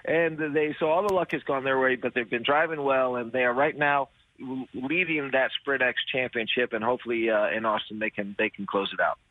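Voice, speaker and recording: Energetic man over a phone line. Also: mid-range voice, brisk, dry recording. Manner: energetic, chatty, many fillers and restarts. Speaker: guest race driver. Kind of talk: phone interview.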